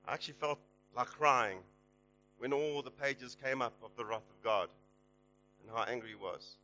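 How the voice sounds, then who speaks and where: A man preaching a sermon, exhorting his listeners and rising loud and high on the promises. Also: normal speed, soft background music, rough recording.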